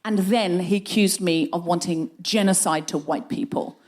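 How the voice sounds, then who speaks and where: A middle-aged woman hosting a comedy podcast, telling a story with lively energy and a voice that shoots up high when she gets indignant. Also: normal speed. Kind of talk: live comic storytelling.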